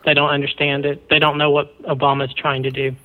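A man's voice: on the high side, monotone, a little fast, phone-quality sound. A man in a casual chat, answering with dry, teasing quips.

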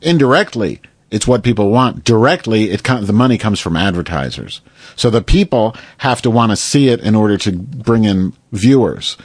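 A man's voice: lowish voice, lively intonation, normal speed, breathy edge, no room sound. A man co-hosting a casual talk show, arguing heatedly and swearing often. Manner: argumentative, profane, ranting.

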